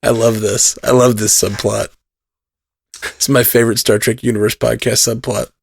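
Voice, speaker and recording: A man hosting a podcast in casual chat, laughing often and talking quickly with lots of filler words. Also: medium pitch, little pitch movement, gravelly, breathy edge, no room sound. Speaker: podcast host.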